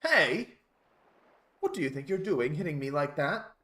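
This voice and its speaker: A male dolphin who talks like an old-time movie tough guy, as a man puts him on. His lines are clipped and threatening, his voice pushed high above normal. He sounds cocky and ready to brawl. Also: expressive, a little slow, pushed and bright, roomy sound. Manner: clipped, threatening, tacks on "see?".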